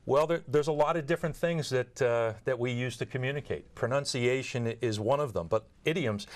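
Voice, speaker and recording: A man's voice: mid-range voice, fairly quick. A man being interviewed as an expert guest, explaining earnestly through examples and often repeating words as he restarts. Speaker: guest expert on nurse communication training.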